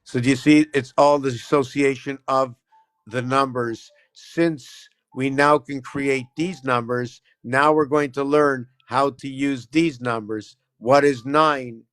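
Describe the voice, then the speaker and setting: A man's voice: medium pitch, steady tone, takes it slowly, a bit bright, dry recording. A man hosting a live stream, explaining numbers and letter shapes in a loose, rambling way and constantly checking in with "right?". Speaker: livestream host. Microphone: phone camera.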